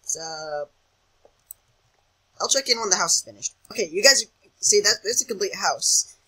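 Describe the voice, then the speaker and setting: A man's voice: sits high, animated, normal speed, sharp tone, husky, poor audio. A young man giving casual commentary over a video game, jittery and self-mocking, often chanting words over and over in a sing-song. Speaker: gaming channel host.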